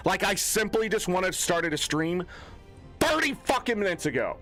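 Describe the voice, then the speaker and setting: A young man streaming a game, ranting angrily and cursing, swinging between low mutters and loud outbursts. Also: sing-song, normal speed, soft background music. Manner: profane, exasperated ranting with swings in pitch. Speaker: gaming streamer. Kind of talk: angry off-the-cuff stream rant.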